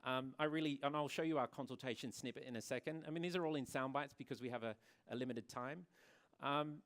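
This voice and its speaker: A man's voice: mid-range voice, fast talker, fairly bright tone. Earnest man giving a conference talk. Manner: earnest, repeats words and restarts often. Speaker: salon owner and presenter. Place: conference venue.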